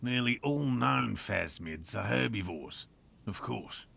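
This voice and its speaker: A man's voice: mid-range voice, expressive, takes it slowly, gravelly, bright, forceful tone, slightly rough, dry recording, exaggerated voice. An actor playing a pompous, self-assured male cryptozoologist in a video game, with an Australian accent and a lecturing manner.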